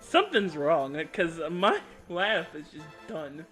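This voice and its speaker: A man live-streaming as a VTuber, chattering excitedly and bickering playfully with his chat, often yelping and shouting. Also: a little high, slow pace, music in the background. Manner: frequent yelps and shouts. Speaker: VTuber livestreamer.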